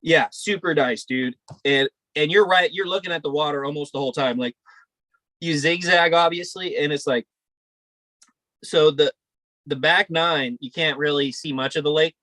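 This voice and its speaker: A man's voice: on the high side, moderate pace, pushed and bright, no room sound. A young man co-hosting a podcast, telling a rambling, profane story in casual chat. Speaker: podcast co-host.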